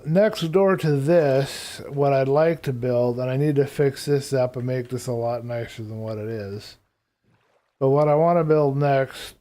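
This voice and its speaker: A man's voice: medium pitch, mellow. A man streaming live gameplay, rambling casually as he thinks aloud about what to build next. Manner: thinks aloud while planning.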